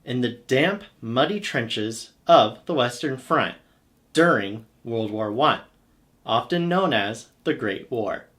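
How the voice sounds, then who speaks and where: A man giving scripted documentary narration for a history channel, in a steady, measured storytelling delivery. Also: medium pitch.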